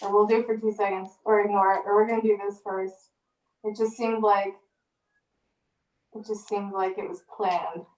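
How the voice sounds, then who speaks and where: A woman's voice: mid-range voice, level tone, moderate pace, long pauses. A woman co-hosting a casual chat show, directing the others and voicing complaints about the night. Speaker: co-host. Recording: roomy, slightly noisy mic.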